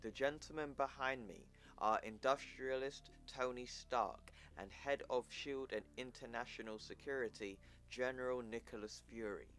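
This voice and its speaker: A man reading the lines of a soft-spoken male scientist in a comic recap, in a quiet, reassuring tone. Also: mid-range voice, moderate pace, hardly any pauses, a little hiss or hum, natural voice. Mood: calm.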